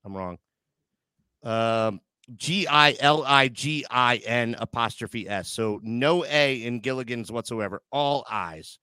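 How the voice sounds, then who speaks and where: A man's voice: medium pitch, measured pace, bright, forceful tone, smooth, no room sound. A man hosting a casual live chat show, joking crudely and getting sentimental with his audience. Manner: joking, crude banter, emotional asides. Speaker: podcast host.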